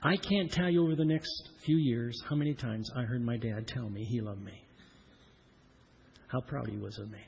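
A man from Iowa preaches a personal story from the pulpit. His voice is heavily husky and raspy at a middle pitch. He tells it earnestly, repeating phrases and swelling louder at key points. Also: moderate pace. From Iowa, USA. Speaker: pastor.

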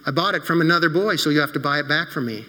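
A man's voice: a little high, racing, sharp tone, big-room sound, poor audio. A man doing a firm, matter-of-fact shopkeeper. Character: firm adult male shopkeeper.

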